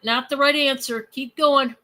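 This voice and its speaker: A woman's voice: sits high, steady tone, a little slow, bright, forceful tone. A woman with a Michigan accent hosting a live sales stream, chatty and rambling, laughing often. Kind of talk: casual live stream chat.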